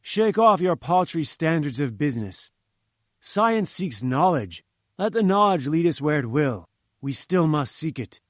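A man's voice: fairly high pitch, very animated, measured pace, no room sound, studio quality. A man voicing a domineering, haughty older male scientist who barks orders. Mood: imperious. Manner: haughty and commanding.

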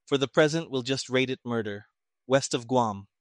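A man voicing a sarcastic, irritated older army colonel who talks gruffly and emphatically. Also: mid-range voice, moderate pace, no room sound, studio quality, close to an everyday voice.

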